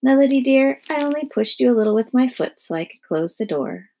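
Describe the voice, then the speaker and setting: A woman voicing a patient but weary mother of four, brisk and soothing. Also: high-pitched, animated, warm tone, voice pushed up.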